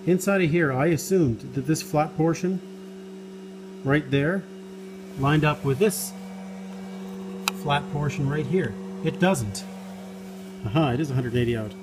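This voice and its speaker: A man's voice: fairly high pitch, normal speed, long pauses, noisy background. A man filming a casual garage vlog, talking while he works on an old car, jokey and self-deprecating. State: out of breath. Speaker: car hobbyist vlogger. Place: home garage and driveway.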